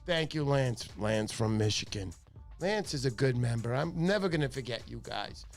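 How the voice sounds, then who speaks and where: A man's voice: mid-range voice, expressive, moderate pace, faint music behind. Joking middle-aged man hosting a livestream. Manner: joking, playful, chatty. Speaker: fishing channel host. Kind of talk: casual livestream chat.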